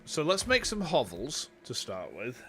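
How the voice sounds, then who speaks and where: Bright, lively Yorkshire man streaming. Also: mid-range voice, unhurried, soft background music. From Yorkshire, England. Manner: chatty, rambling, talks to chat. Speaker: VTuber streamer. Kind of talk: casual live game commentary.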